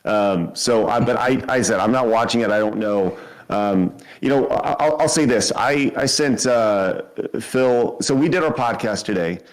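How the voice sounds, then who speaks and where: A man, a podcast host, calling in over an online voice call and talking in a casual, halting way with many fillers. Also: medium pitch, rough recording.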